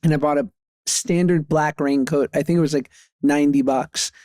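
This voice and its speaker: A man's voice: on the high side, steady tone, moderate pace, darkish tone, no echo, studio quality. A man in his thirties telling casual anecdotes on a podcast, often laughing through his stories. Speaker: podcast co-host. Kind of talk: casual chat.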